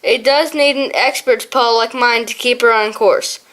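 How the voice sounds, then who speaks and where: A woman voicing a roguish young male sea otter who talks in rough sailor's slang, in an audiobook. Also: on the high side, steady tone, normal speed, a bit bright, lightly acted. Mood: hearty.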